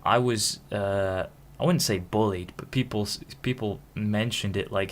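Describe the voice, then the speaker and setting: A little hiss or hum sits under this young man's lowish voice. The vlogger, from Hull in England, speaks candidly to camera at length, halting and restarting his sentences many times.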